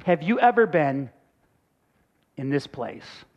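A man's voice: on the high side, lively intonation, slow, darkish tone. A male pastor preaching a sermon in a conversational way, full of rhetorical questions, on a dull lo-fi recording.

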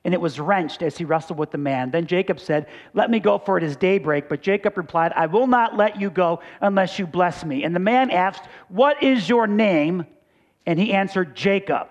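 A middle-aged man from Michigan, a pastor preaching a sermon, rising to loud emphatic peaks and dropping into quiet storytelling asides. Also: high-pitched, expressive, normal speed.

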